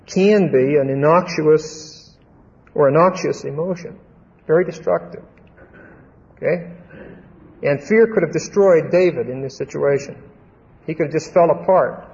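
A man's voice: fairly high pitch, vocal fry, a little mellow. A man preaching a Bible teaching sermon, speaking conversationally and with emphasis, often checking in with his listeners. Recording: dull lo-fi recording with long hall reverb.

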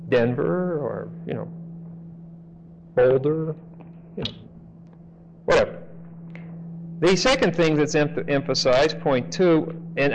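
Male preacher in a somewhat high register, teaching casually, with a faint hum behind him. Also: poor audio. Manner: conversational, checks in with "okay?", slows to stress key phrases. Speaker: Bible teacher. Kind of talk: expository sermon.

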